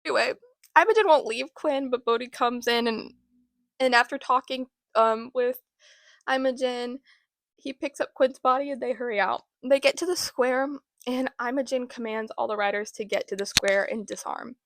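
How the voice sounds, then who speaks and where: Casual book vlogger, woman, slightly high pitch, chatty and unfiltered, dry close sound. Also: normal speed, no echo. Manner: chatty, swears, fillers like "um" and "like".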